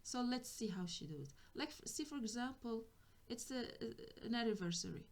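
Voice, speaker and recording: A woman's voice: fairly high pitch, fairly quick, slight background noise. A woman giving a tarot reading for spiritual guidance, speaking hesitantly and often restarting as she searches for words. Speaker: tarot reader.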